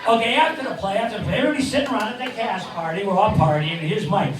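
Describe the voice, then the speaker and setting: Lively older comic, animated high voice, far-off mic in an echoey bar with crowd. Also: male voice, fast, hardly any pauses. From Cleveland, Ohio. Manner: jokey, rambling punchlines, lively delivery. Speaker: ventriloquist comedian. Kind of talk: stand-up comedy. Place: neighborhood bar stage.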